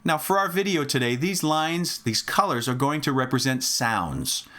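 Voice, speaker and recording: A man's voice: mid-range voice, lively intonation, moderate pace, sharp tone. A man teaching a children's music lesson on rhythm, patient and encouraging, counting off and chanting along.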